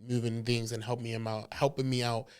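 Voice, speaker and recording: A man's voice: mid-range voice, level tone, a little fast, a little mellow, clear, resonant tone. A man on a podcast telling a wedding story in casual, slangy chat, laughing and acting out quotes. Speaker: podcast co-host.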